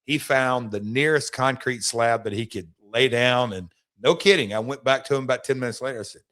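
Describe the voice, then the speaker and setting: A middle-aged man from Nashville talks as a guest on sports radio, at a medium pitch. He speaks like a promoter, enthusiastic and full of stories, often restarting his sentences. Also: brisk, fairly bright tone. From Nashville, Tennessee. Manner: enthusiastic storyteller, promoter's patter, frequent restarts. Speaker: guest, wrestling promoter and team partner. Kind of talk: radio sports talk interview.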